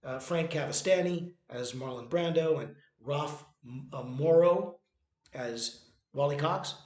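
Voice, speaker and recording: A man with a slightly high, somewhat slow, darkish voice talks casually about a stage play he wrote, rambling and often restarting his sentences with plenty of fillers. He's a playwright and author presenting his own work as informal spoken commentary, recorded in an echoey room.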